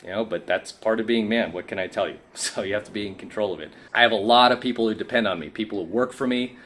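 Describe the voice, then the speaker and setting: A man's voice: fairly low pitch, quick pace, a bit bright, a little hiss or hum. A man coaching other men in a casual vlog monologue, emphatic and preachy, often asking "right?", and tired from too little sleep. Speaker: men's coaching YouTuber.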